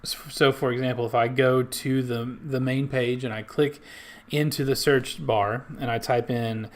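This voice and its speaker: A man walking through a database in a screen-share tutorial, halting with many restarts and fillers. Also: medium pitch, fairly even intonation. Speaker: library staff trainer.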